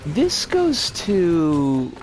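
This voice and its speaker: Game streamer, casual live commentary, very animated pitch, light game music. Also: drawn-out words. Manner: chatty, greets viewers warmly, swings pitch a lot.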